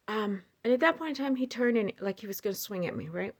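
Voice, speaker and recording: A woman telling a personal story to her viewers in a casual, animated way, with many fillers and asides. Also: a little high, fast, few pauses. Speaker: storyteller sharing personal experiences.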